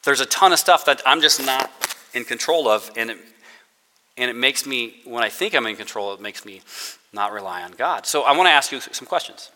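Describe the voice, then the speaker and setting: Bright-voiced man preaching in a reverberant hall. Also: medium pitch, animated, fairly quick. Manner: conversational and self-deprecating, with playful sarcasm and acted-out quotes. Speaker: director of spiritual formation, chapel speaker. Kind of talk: casual sermon to students.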